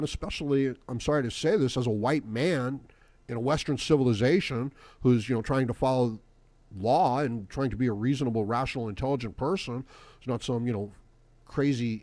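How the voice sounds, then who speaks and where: A man's voice: medium pitch, darkish tone, no room sound. A man hosting his own podcast in a rambling, profane solo monologue that is full of fillers. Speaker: podcast host.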